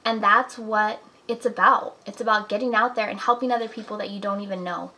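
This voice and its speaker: A woman's voice: mid-range voice, fairly even intonation, a little fast, pushed and bright, poor audio. A young woman in her twenties talking earnestly to camera at home, giving encouraging life advice in a casual chatty way. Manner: earnest, encouraging, talks with "like" and "you know". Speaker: vlogger. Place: apartment at home.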